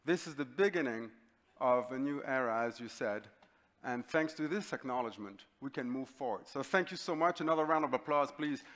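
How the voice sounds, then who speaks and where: A middle-aged man from North Africa giving a talk, telling a personal story in an animated, conversational way with frequent fillers. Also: medium pitch, fairly quick. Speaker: keynote speaker.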